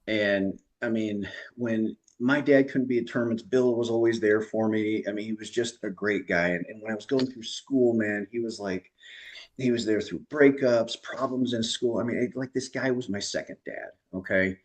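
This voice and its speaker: A man's voice: on the low side, normal speed. A man doing stand-up comedy on a video call, telling chatty stories and laughing at his own punchlines.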